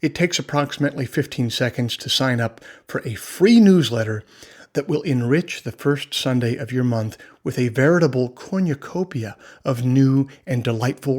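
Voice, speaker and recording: A man, a podcast host, reading a scripted ad for his own newsletter in a playful, mock-grand way. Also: mid-range voice. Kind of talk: scripted ad read.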